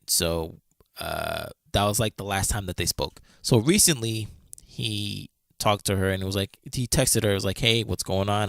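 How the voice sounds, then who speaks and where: A male podcast co-host rambles through a friend's story, full of fillers and restarts, acting out the quoted lines. His voice sits on the low side with vocal fry, and the recording is dry with clean studio sound.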